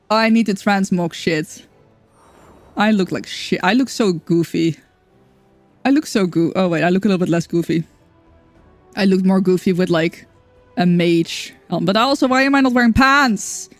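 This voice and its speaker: A woman streaming a game in casual chat, chatty, excitable and self-mocking. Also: on the low side, dry recording.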